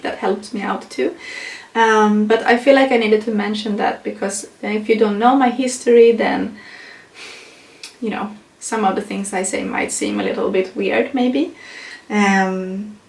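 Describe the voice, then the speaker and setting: A woman's voice: mid-range voice, vocal fry, roomy sound, far from the mic. A young woman, a non-native English speaker, chatting casually in a pregnancy update vlog, with frequent laughs and fillers. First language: not English. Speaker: vlogger.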